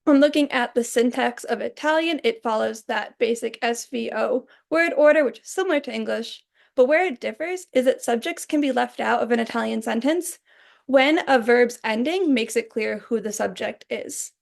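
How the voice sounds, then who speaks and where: Young woman walking thru a class presentation, higher voice w some gravel. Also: normal speed. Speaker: student presenter.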